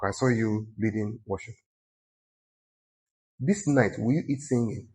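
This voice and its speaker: Nigerian pastor preaching with lively exhortation. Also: male voice, fairly low pitch, measured pace, slight background noise. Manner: exhorting, conversational, teasing the congregation. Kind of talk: sermon.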